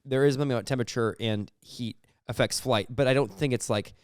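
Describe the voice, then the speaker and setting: Animated rambling man, smooth voice. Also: medium pitch, fast talker, dry recording, clean studio sound. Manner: rambling, animated, acts out quotes. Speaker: podcast co-host. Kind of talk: casual comedy chat.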